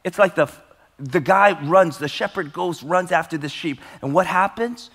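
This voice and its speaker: Male pastor, storytelling sermon, slightly high voice, soft for tender moments, loud for emphasis, long hall echo. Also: normal speed. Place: large church hall. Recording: long church hall reverb.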